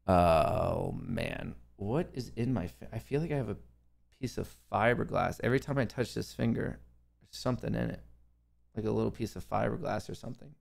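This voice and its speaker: This is a day trader streaming live, a young man whose lowish voice moves at normal speed and carries vocal fry. He mutters and swears at the market, addressing himself and his viewers in a casual way.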